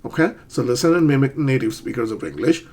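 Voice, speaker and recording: A man's voice: mid-range voice, big pitch swings, fast, darkish tone. A middle-aged man teaching an online English lesson, explaining steps and checking in with "okay?" and "right?".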